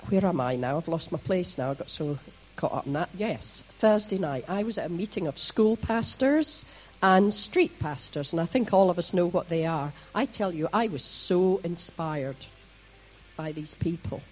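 A middle-aged Scottish woman from Scotland giving a lively, chatty sermon to her congregation, with self-mocking asides. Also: lowish voice, normal speed, slightly rough, highs cut off. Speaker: church leader preaching.

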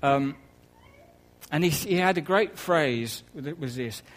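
A man preaching a conversational sermon, with soft laughs and quiet asides. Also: on the high side, animated, takes it slowly, poor audio.

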